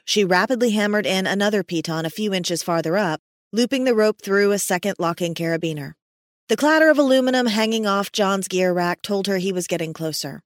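Narrating an audiobook, a woman keeps a steady, measured storytelling pace in a mid-range voice. The recording is dry, with clean studio sound.

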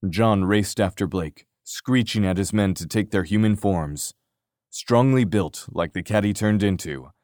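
A man narrating a fantasy audiobook in a steady, even storytelling manner. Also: fairly low pitch, no room sound, clean studio sound. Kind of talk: scripted narration.

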